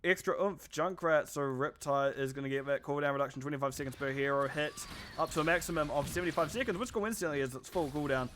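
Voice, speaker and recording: A man calls a live esports match in a fairly high voice, narrating the action in a tired, rambling way and breaking off for self-aware asides. A faint hiss sits under the recording. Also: fast, a bit bright. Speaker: esports caster.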